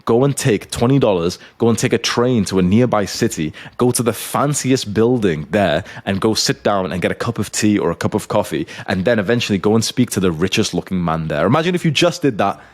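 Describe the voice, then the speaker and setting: A man's voice: on the low side, animated, a little fast, hardly any pauses. A young man who coaches YouTubers, giving an intense motivational monologue to camera and swearing often. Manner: intense, swears often, urgent pep talk.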